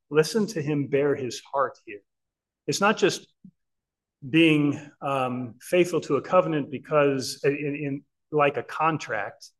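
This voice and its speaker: A man's voice: mid-range voice, low-quality recording. A man preaching a Bible-teaching sermon in an earnest, emphatic way, often checking in with listeners.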